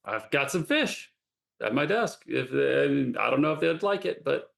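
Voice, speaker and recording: A man with a lively, wide-ranging voice and a gravelly texture. He plays a tabletop game casually and animatedly. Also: medium pitch, measured pace. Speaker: player.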